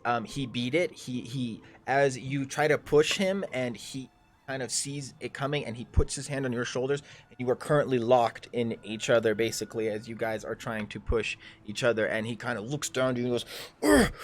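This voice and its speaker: Rambling man running a tabletop game. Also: mid-range voice. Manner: rambling, full of ums and restarts. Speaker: game master. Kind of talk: casual narration of a tabletop game on a livestream.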